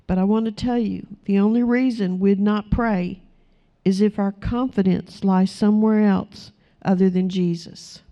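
Earnest woman preaching with a mellow voice. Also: mid-range voice, steady tone, a little slow, highs cut off. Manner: earnest, exhorting, acts out quoted prayers. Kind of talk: sermon.

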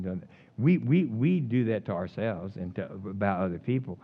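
A male pastor preaching a sermon in a folksy, animated way, swinging from loud emphatic lines to hushed, low asides. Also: moderate pace, slightly rough, narrow, tinny audio.

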